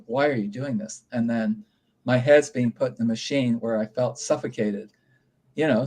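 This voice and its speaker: A man from Canada, a guest author, calmly explaining in a casual interview. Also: medium pitch.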